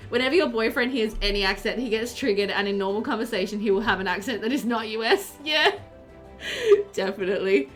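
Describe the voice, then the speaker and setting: A woman's voice: on the high side, lively intonation, brisk, fairly bright tone, soft background music. A woman chatting casually while streaming a game, reading chat aloud and laughing often.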